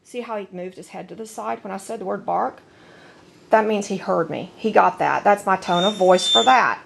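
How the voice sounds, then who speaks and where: A woman's voice: medium pitch, moderate pace, gravelly, a little hiss or hum. A woman filming her dogs at home on a handheld camera, chatting in a rambling way between firm commands to them. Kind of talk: casual home video narration. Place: at home, indoors.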